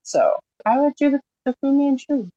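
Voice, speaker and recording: Woman guest, lively mid voice, a bit unsure, dry close mic. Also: sits high, normal speed, dry recording, lo-fi sound. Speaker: podcast guest. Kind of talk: casual movie review chat.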